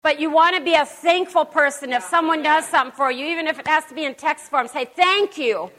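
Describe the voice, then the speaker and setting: High, bright-voiced woman preaching. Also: brisk. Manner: emphatic, folksy, chatty asides. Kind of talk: conversational sermon. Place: church service.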